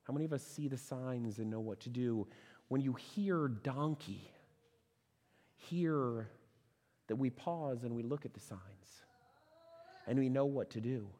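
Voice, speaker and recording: A man preaching a sermon as pastor, conversational and animated, asking rhetorical questions and restarting phrases. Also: medium pitch, measured pace, long pauses, long reverb tail. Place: church sanctuary.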